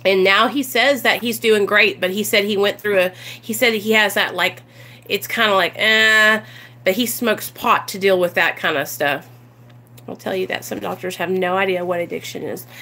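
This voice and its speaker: A woman's voice: medium pitch, steady tone, normal speed, pushed and bright. A woman talking casually to her viewers on a livestream, earnest and rambling with plenty of ums and you-knows. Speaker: recovery vlogger.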